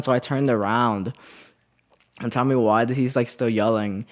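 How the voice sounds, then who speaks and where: A man's voice: mid-range voice, steady tone, moderate pace. A young man co-hosting a podcast, telling a story in a casual chat with lots of laughs and casual swearing. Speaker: podcast co-host.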